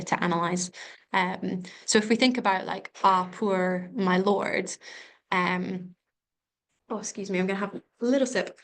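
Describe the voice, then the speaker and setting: Hesitant woman tutor, flat delivery. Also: on the low side, gravelly. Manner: hesitant, many ums and restarts. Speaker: revision tutor. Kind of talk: unscripted exam revision lesson.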